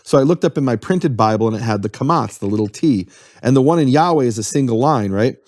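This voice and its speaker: A man's voice: mid-range voice, lively intonation, quick pace, a little mellow, dry recording, studio quality. A man giving an earnest, step-by-step explanation in a conversation, spelling out terms as he goes. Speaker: guest explaining Hebrew.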